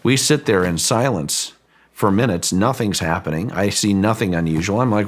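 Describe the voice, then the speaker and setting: A man as an interview guest, recounting a story in a measured, deliberate way with frequent restarts. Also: lowish voice. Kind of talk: storytelling in a long-form interview.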